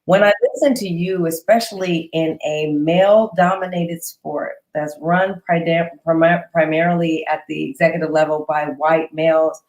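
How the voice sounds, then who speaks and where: A woman's voice: deep voice, fairly even intonation, moderate pace, hardly any pauses, darkish tone. A woman hosting an interview, effusive and gushing as she asks her questions. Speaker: interview host. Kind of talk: casual interview chat. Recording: echoey room.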